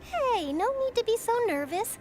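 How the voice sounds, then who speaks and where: An actress playing an eager, chatty young female journalist in a video game, speaking brightly. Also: very high voice, moderate pace, over loud music. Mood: upbeat. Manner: bright, lively, flattering.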